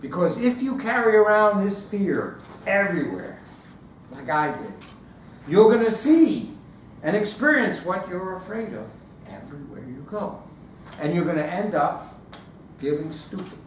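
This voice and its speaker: A man whose voice sits high speaks at a normal pace, giving a lively storytelling speech at a speaking club and acting out the scenes with sounds. There's a little hiss or hum, and he's captured from far off in an echoey room.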